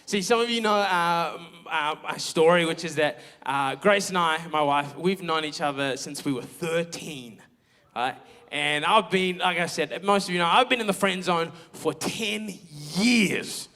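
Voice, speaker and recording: A young pastor in a church auditorium preaches a sermon built around a candid, self-mocking personal story full of quoted asides. His fairly high voice sounds pushed and bright, and he speaks a little slowly.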